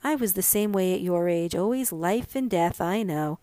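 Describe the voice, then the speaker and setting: A woman voicing a brisk, practical mother in a storybook reading, firm and matter-of-fact. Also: fairly low pitch, dark tone, no echo, natural voice. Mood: wry.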